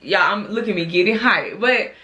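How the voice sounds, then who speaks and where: A young adult woman vlogger telling a storytime story in casual chat, animated and profane, acting out the dialogue as she goes. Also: mid-range voice, normal speed.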